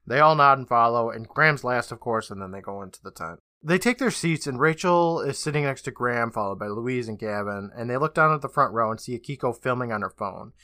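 Brief: male podcast host retelling a show with sarcastic, swearing asides; bright tone. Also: mid-range voice, expressive, brisk, hardly any pauses, no room sound, studio quality. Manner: loose, profane, sarcastic retelling. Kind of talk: casual episode recap.

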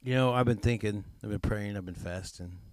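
A man's voice: on the low side, fairly quick, a little mellow, no echo. A man co-hosting a casual comedy podcast, rambling and laughing through his stories. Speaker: podcast co-host. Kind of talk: casual stoner chat.

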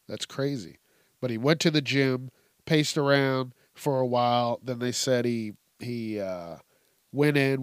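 A man talks through strange news stories in a loose, profane commentary style, swearing often and laughing at his own points. He speaks slowly and in a middle pitch. His voice sounds dry and close. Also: smooth, no room sound. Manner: animated storytelling with heavy cursing and laughter. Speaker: host.

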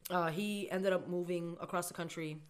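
A woman's voice: on the low side, fairly even intonation, normal speed. A young woman co-hosting a casual chat, telling a story in slang and acting out both sides of the conversation. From Boston area. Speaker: podcast co-host.

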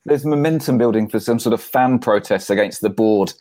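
A man speaking on a football podcast with a fairly low voice, recorded dry and close. He argues his point in a wry, sardonic way. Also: brisk, mellow, dry recording. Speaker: podcast panelist. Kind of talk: casual football podcast chat.

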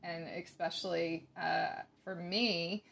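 A woman co-hosting a podcast, talking in a gentle, reflective way with plenty of fillers. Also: lowish voice, steady tone, slow, gravelly. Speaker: podcast co-host. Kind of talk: casual chat.

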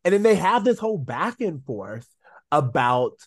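A man's voice: fairly high pitch, big pitch swings, normal speed, husky, no echo. Opinionated male podcast co-host, dry sound. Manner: opinionated, laughs easily. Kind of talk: casual chat.

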